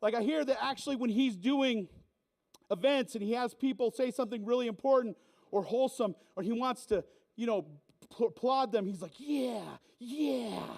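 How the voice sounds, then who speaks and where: A man's voice: very high-pitched, brisk, a little mellow. A man working a live event crowd as emcee, teasing the audience in a playful, joking way on a stage mic. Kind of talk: live comedic emcee set.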